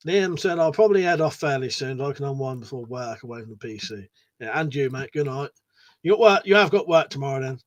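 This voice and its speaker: Lively, matey man chatting on stream. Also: mid-range voice, fast talker, lo-fi sound. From United Kingdom. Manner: chatty and matey, swears freely. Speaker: livestream host. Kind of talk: casual chat, reading viewer messages aloud.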